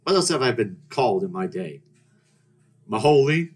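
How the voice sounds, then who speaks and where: A man's voice: medium pitch, very animated, moderate pace, darkish tone, breathy edge. Rambling young man telling stories. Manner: rambling, joking, with restarts and mock-outraged rants. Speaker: podcast host. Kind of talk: casual storytelling monologue.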